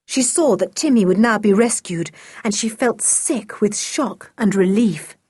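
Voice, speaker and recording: A woman narrating a children's audiobook with an expressive reading. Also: mid-range voice, measured pace, husky, dry recording, clean studio sound. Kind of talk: storybook narration.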